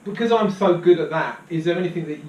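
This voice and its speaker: A man's voice: on the high side, a little mellow, muffled recording, a little hiss or hum. A middle-aged man from Bristol, co-hosting a live show in a chatty, upbeat way. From Bristol, England. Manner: chatty, upbeat, quick to laugh. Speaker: co-host. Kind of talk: casual live-show chat. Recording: echoey room, distant mic.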